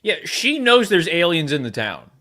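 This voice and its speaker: Male podcast co-host, bright, forceful tone, slightly high, chatty. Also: sing-song, moderate pace. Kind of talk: casual review chat.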